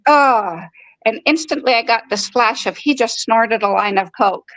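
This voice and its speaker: A woman's voice: fairly high pitch, a little slow, a bit bright, no echo, rough recording. A woman in her fifties telling a personal story in a frank, conversational way. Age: 50s. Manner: frank and conversational, acting out quoted dialogue. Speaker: podcast host.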